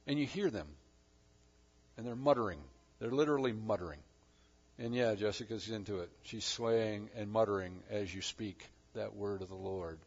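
A man preaching a sermon, swinging between loud emphasis and quiet asides. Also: medium pitch, highs cut off. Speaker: pastor.

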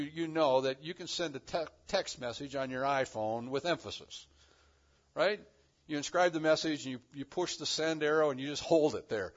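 A man preaching a sermon as pastor, swinging between loud emphatic lines and hushed ones. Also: a little high, highs cut off.

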